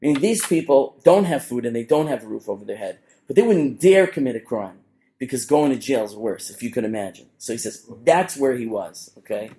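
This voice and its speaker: A middle-aged man, a rabbi, giving a storytelling sermon to a live audience, animated, with frequent restarts and asides. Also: mid-range voice, fairly quick.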